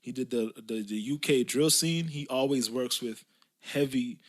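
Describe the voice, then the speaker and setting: A young man co-hosting a podcast, talking in a joking, slangy, animated way. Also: medium pitch, unhurried. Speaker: podcast co-host. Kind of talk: casual chat.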